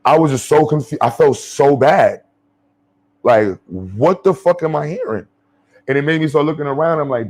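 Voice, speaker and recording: This is a blunt, profane New man ranting, a commentary channel host riffing on social topics off the cuff. His pitch runs on the high side and he talks at normal speed. Expect an animated, profane, bluntly rambling delivery full of fillers and false starts.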